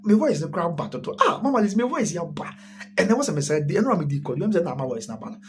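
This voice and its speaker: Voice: medium pitch, big pitch swings, very fast, a little hiss or hum. A host with a Ghanaian accent chatting casually on a live stream, mixing Twi and English while reading viewer comments. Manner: chatty, mixes Twi and English, laughs often.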